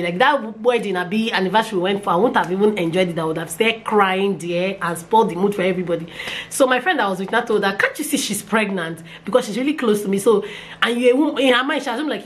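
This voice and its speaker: A young woman with a Nigerian accent telling a personal story in a casual vlog, animated and repeating phrases. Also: a little hiss or hum. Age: young adult. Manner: animated, repeats phrases, pitch jumps when excited. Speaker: vlogger.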